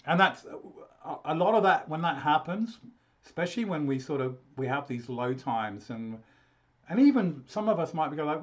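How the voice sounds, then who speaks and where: A man's voice: fairly high pitch, expressive, normal speed, a bit bright. Guy health coach rambling thru a consult, keeps restarting, kinda muffled lo-fi audio. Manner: rambling, many restarts and repeated words. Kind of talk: live consultation talk.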